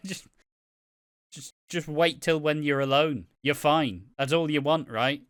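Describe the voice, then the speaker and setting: A man's voice: on the high side, a little slow, fairly bright tone, smooth, dry recording, clean studio sound. A man co-hosting a casual soap podcast, swearing a lot, laughing often and acting out the characters' lines. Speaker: podcast co-host. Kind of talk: casual soap recap chat.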